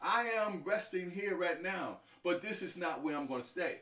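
A man from Harlem, New York, a deacon giving halting interview answers that often stumble and repeat words. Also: high-pitched, animated, sharp tone. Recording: echoey, from far off.

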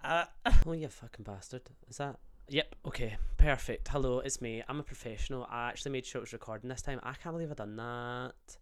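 Sweary podcast host. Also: male voice, mid-range voice, brisk, few pauses, a bit bright, smooth. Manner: sweary, rambling and jokey. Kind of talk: casual podcast chat.

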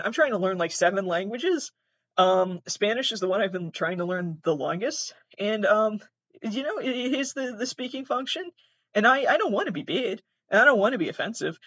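A woman's voice: mid-range voice, fairly bright tone, slightly rough, dry recording. Young woman, podcast host, casual storytelling, self-deprecating, swears often, dry slightly muffled recording. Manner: rambling, self-deprecating, swears a lot, frequent restarts.

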